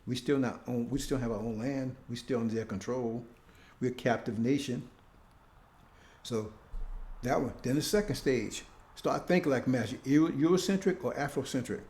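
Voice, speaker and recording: A man's voice: medium pitch, normal speed, darkish tone, echoey room. A man preaching informally, in a conversational tone, often checking in with his listeners with short questions. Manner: conversational, keeps asking "see?".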